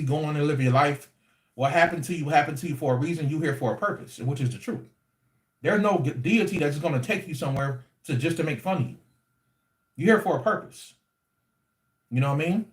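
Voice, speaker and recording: A man telling a story casually to his livestream audience in an animated, slangy, repetitive way. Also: on the high side. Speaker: livestream host. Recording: echoey room.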